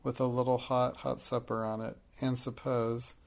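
A man reading the part of a sad, dignified young girl in an audiobook, speaking softly and low. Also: little pitch movement, normal speed, creaky, natural voice. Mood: quiet, sad. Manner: soft, low and quiet.

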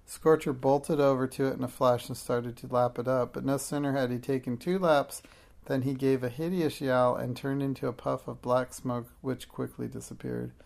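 A storyteller reads a children's tale aloud in a steady, expressive way. The voice sits at a middle pitch with a gravelly fry running through it. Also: moderate pace.

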